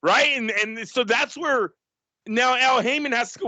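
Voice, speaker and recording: A man co-hosting a casual boxing podcast, talking fast and analytically with frequent restarts. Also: very high-pitched, sharp tone, dry recording. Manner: fast analytical, restarts, argues business points.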